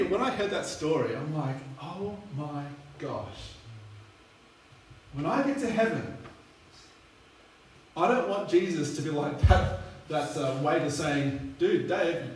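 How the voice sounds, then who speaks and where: A man's voice: a little high, animated, moderate pace. A man preaching a sermon, telling a story in a chatty, rambling way with lots of fillers. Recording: echoey hall, distant mic, faint hum.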